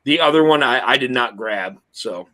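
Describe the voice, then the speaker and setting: A man with a bright, forceful tone hosts a relaxed group conversation. He rambles, restarts sentences and stacks up fillers as he thinks aloud. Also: medium pitch, moderate pace. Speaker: host of a whiskey review livestream. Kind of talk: casual group chat.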